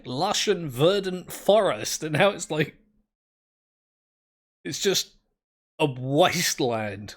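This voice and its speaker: A man's voice: a little high, expressive, slow, pauses often. Rambling man narrating gameplay. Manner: rambling, self-mocking, easily amused. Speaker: gameplay commentator. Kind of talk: let's play commentary.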